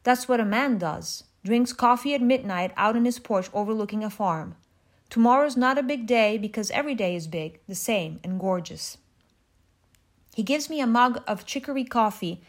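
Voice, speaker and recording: A woman reading a first-person story aloud in a measured, reflective narration. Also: fairly high pitch. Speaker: audiobook narrator. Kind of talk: scripted narration.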